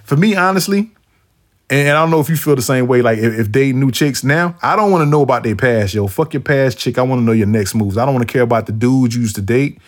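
A man's voice: medium pitch, fast talker. A grown man hosting a casual chat, telling stories with slang and swearing and acting out the quoted voices. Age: adult, past his younger days. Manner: animated storyteller, acts out quotes in shifting voices; swears freely, slangy street talk. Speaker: podcast host.

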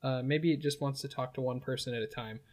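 A calm male doctor speaks softly and carefully, as a man acts him out. He hesitates and soothes. His voice is quiet and unhurried. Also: mid-range voice, lightly acted. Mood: soothing.

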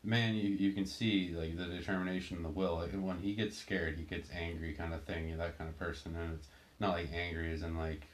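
A man telling a personal story in a casual, halting way, full of restarts and fillers. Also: deep voice, little pitch movement. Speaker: storyteller recounting a sailing ordeal.

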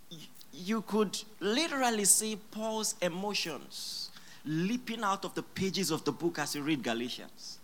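A pastor preaching a sermon in church, emphatic and repeating key phrases, with sudden loud exclamations. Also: medium pitch, a little hiss or hum.

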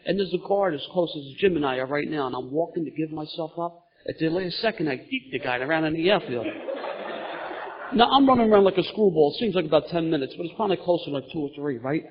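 A middle-aged man telling his recovery story at a meeting, lively and laughing as he goes. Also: a little high, fast talker, a crowd in the background. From Philadelphia, USA. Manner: animated storytelling, gets loud and laughing at funny parts. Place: meeting room in front of an audience. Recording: dull lo-fi meeting recording.

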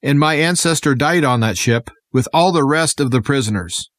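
A man's voice: mid-range voice, lively intonation, normal speed, a bit bright, no room sound. A man guest-presenting a radio segment, talking in an earnest, impassioned way as he addresses listeners. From United States. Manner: earnest, impassioned political speaking. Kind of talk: scripted radio monologue.

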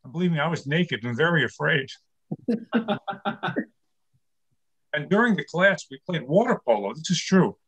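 A man's voice: fairly high pitch, expressive, moderate pace, long pauses, a bit bright, husky. A man in his sixties from New York City doing a stand-up comedy set over a video call from his home studio, firing off one-liners and laughing at his own jokes. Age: 60s. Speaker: stand-up comic.

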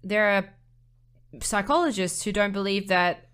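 A woman co-hosting a podcast in casual chat, blunt and quick to swear. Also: medium pitch, fairly bright tone, clear, resonant tone. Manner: blunt, laughing asides, swears. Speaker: podcast co-host.

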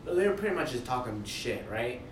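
A man's voice: medium pitch, brisk. A man telling stories from his restaurant shift in casual, swear-heavy talk. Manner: animated storytelling, swears freely. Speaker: restaurant worker. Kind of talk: casual chat. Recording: echoey room, far from mic, noisy.

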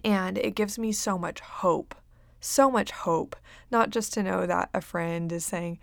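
A young woman talks earnestly into a close mic in a casual faith podcast intro, her voice slipping into a gravelly fry as she trails off. She fills pauses with ums and little laughs. The recording is dry and close, with no room sound. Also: lowish voice, fairly even intonation, no room sound. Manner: earnest, many ums, laughs softly between thoughts. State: getting choked up. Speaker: podcast host and career coach. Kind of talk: casual heartfelt monologue.

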